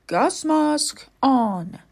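A woman's voice: high-pitched, lively intonation, very slow, vocal fry, noisy background, voice pushed up, exaggerated voice. A woman doing a stern man barking orders. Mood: commanding. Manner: curt, commanding. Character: stern adult man in charge, gives orders.

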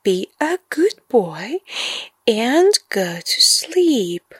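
A woman voicing a calm, patient mother in a read-aloud storybook, soothing and matter-of-fact. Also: a little high, drawn-out words, breathy edge, no room sound, heavily acted. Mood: calm reassuring.

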